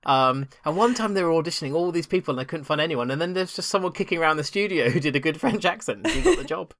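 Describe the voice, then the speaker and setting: A man's voice: on the high side, lively intonation, quick pace, fairly bright tone, no room sound, clean studio sound. A man co-hosting a casual podcast, enthusiastic and rambling, often restarting his sentences. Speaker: podcast co-host.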